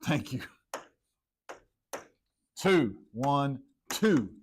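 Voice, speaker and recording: A man teaches math to a classroom, talking through each step as he plots points on the board. He calls on students by name and checks whether they are keeping up. His voice sits at an ordinary male pitch. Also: big pitch swings, extremely slow, a little hiss or hum. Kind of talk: classroom lecture.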